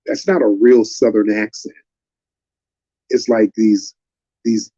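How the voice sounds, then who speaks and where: Dark husky man lecturing on a stream. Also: medium pitch, highs cut off. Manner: emphatic, repetitive lecturing. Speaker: live-stream host. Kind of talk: live-stream commentary.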